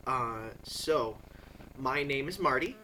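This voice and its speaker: A man's voice: medium pitch, expressive, slow pace, sharp tone, a little hiss or hum, poor audio. A young man from the Midwest, chatting casually and hesitantly with wry asides as he reads through a word list. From American Midwest. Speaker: vlogger. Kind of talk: casual chat reading a word list aloud.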